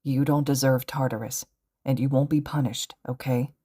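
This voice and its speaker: A woman voicing a calm, protective teenage boy who speaks softly and steadily, in a fan audiobook. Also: rumbling low, moderate pace, slightly rough. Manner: soft, steady, reassuring.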